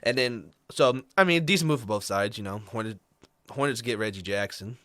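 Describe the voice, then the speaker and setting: A man's voice: mid-range voice, sharp tone, no room sound. Man, podcast co-host, casual sports talk, trade rundown, dry close sound. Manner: rundown of trades, fillers and quick asides.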